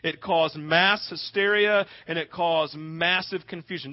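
An impassioned male pastor preaching, telling stories with dramatic flair and checking in with "right?". His voice sits somewhat high for a man. The recording sounds dull and lo-fi. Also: unhurried, few pauses. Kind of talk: sermon.

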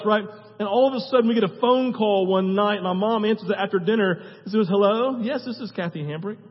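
Husky man preaching in a reverberant hall. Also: high-pitched, dull audio. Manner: conversational preaching with frequent "right?" asides. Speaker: pastor. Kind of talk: sermon. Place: church sanctuary.

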